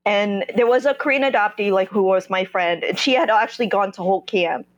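A podcast guest from New Jersey candidly recounts her personal story, halting often and starting over as she hunts for the right words. Her voice sits at a medium pitch, and the highs are cut off.

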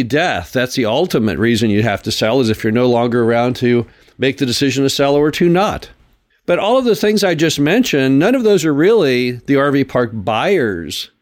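A man hosting a solo podcast, explaining his points in an earnest, patient way and often repeating words for emphasis. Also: mid-range voice. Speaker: podcast host.

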